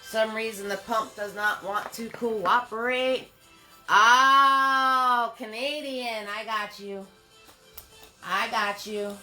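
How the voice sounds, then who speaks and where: A woman's voice: mid-range voice, fairly even intonation, takes it slowly, pushed and bright, faint music behind. A woman hosting a live painting lesson from her home. She chats with viewers, greets them by name and laughs often. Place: home studio.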